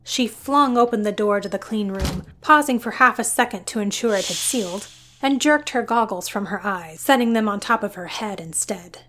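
A woman narrating a scripted story in an even, descriptive way. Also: mid-range voice, normal speed, a little hiss or hum.

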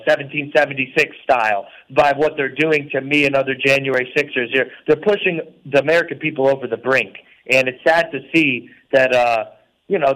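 A man's voice: medium pitch, fairly bright tone, rough recording. A man calling in from prison as a guest on a talk radio show, speaking earnestly and rambling with many fillers.

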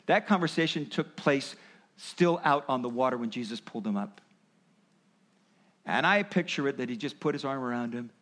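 A man's voice: mid-range voice, moderate pace. A man preaching a sermon, explaining and acting out quoted voices as he goes. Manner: animated, acts out voices of parents and Jesus. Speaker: pastor.

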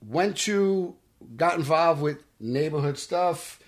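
A middle-aged man from Brooklyn with a Brooklyn accent, telling animated stories as a guest in a studio interview. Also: fairly high pitch, slow pace. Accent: Brooklyn New York. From Brooklyn, New York. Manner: animated storytelling, tough-talking. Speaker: actor guest. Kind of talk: casual interview. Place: podcast studio.

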